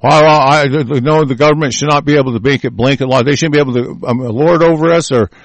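A man talking in an angry, profane monologue, swearing constantly, breaking into shouted outbursts and stumbling over restarts. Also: mid-range voice, fast, dry recording.

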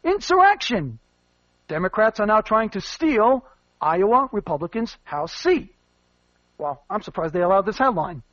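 A man's voice: sits high, very animated, moderate pace, fairly bright tone, no echo, lo-fi sound. A man hosting a commentary show, rambling and emphatic with many fillers. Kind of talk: casual spoken commentary.

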